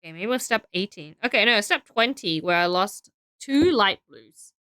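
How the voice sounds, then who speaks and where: A woman's voice: mid-range voice, expressive, normal speed, sharp tone, clean tone, no echo, clean studio sound. A young Australian woman streaming casually, tired and rambling as she thinks aloud while building.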